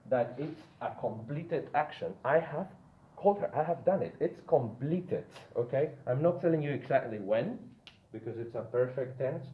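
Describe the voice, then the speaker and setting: A man teaching an English grammar lesson. He explains slowly, repeats and stresses key words one at a time, and keeps checking that the listener follows. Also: mid-range voice, roomy sound, narrow, tinny audio, a little hiss or hum.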